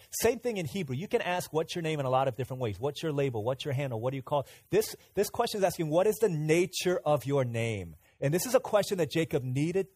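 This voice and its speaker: A man's voice: fairly high pitch, slightly rough. A man preaching a sermon as pastor, earnest and interactive, having the congregation repeat words back to him. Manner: earnest, swings from emphatic to quiet asides.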